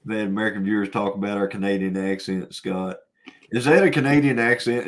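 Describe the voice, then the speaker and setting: A man's voice: on the low side, lively intonation, a little fast, fairly bright tone, a little hiss or hum. A man joining a casual livestream chat as a guest, laid-back, laughing often and drawing out words.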